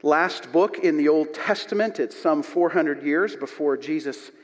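A man preaching a sermon from the front of a church, his voice sitting a little high. He tells stories with animated swings between loud and quiet. The sound carries the long reverb of a large hall. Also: unhurried. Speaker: pastor. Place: church sanctuary.

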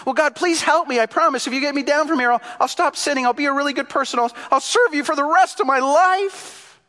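A preacher playing a frantic man hanging off a cliff, his voice jumping high and loud as he pleads for rescue. The shouts ring through a big hall with a long reverb. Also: fairly quick. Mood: desperate. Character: panicked man dangling from a cliff branch.

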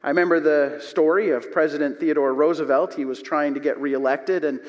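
A pastor preaches a sermon from the front of a church sanctuary, his voice sitting a little high and moving a little fast. He tells stories with animated swings between loud and quiet, and the lo-fi recording carries the long reverb of a large hall.

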